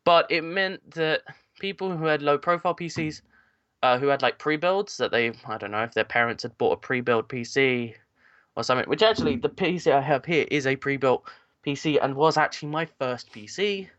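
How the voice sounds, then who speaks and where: A man's voice: on the high side, a little fast, a bit bright, smooth, no room sound. A man co-hosting a podcast, rambling casually about computer hardware with lots of fillers. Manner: rambling, filler-heavy tech talk. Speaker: podcast co-host. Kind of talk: casual chat. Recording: dull lo-fi dry sound.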